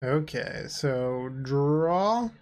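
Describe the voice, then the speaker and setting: A man's voice: a little high, expressive, very slow. A tired man co-hosting and commentating a card game he is playing, making dry sarcastic jokes in a casual chat. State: tired, yawning.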